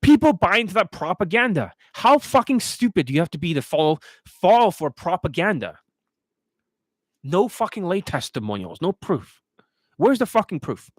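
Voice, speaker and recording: A man's voice: a little high, no room sound. A man giving a profane, scornful monologue as a dating coach, ranting aggressively.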